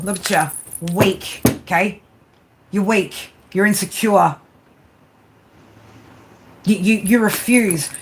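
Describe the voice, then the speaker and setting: A woman doing a tarot reading who scolds her listeners bluntly, swears constantly and keeps tagging her sentences with "right?". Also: mid-range voice. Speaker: tarot reader. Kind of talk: profane tarot reading monologue. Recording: home recording with clear background noise.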